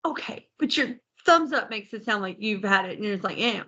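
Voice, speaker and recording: A woman's voice: mid-range voice, expressive, moderate pace, sharp tone, dull audio. A woman co-hosting a podcast in casual chat, reading out a menu and tripping over foreign names, laughing at herself. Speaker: podcast co-host.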